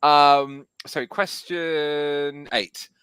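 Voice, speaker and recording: A man's voice: on the high side, level tone, drawn-out words, a bit bright, clean tone. A man with a Geordie accent, reading quiz questions on a podcast, teasing and laughing often. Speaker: quizmaster on a podcast. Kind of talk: casual quiz banter.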